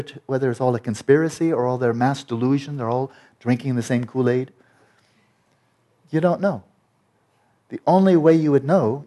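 A man's voice: mid-range voice, a little mellow. A man teaching about meditation in an emphatic, explanatory lecture style, often checking in with "right?".

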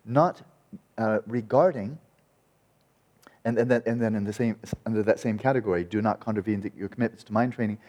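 A man teaching Buddhist meditation in a dharma talk, lively and wry, with a sarcastic edge and frequent restarts. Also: fairly low pitch, fairly quick, lo-fi sound.

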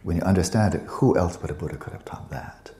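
A man with a deep, mellow voice gives a loose, conversational dharma talk. He wanders into playful asides and circles back to his point. The sound carries in a roomy, echoey space. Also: quick pace. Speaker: Buddhist teacher.

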